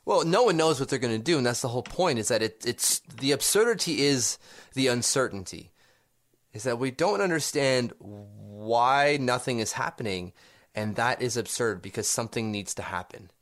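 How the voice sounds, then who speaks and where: A man's voice: medium pitch, lively intonation, normal speed, fairly bright tone. A man co-hosting a casual sports podcast, arguing his points with rhetorical questions. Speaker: podcast co-host.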